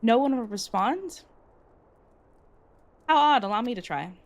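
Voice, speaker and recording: A woman's voice: on the high side, lively intonation, measured pace. A woman reading aloud the formal speeches of a resolute woman leading an order in a game.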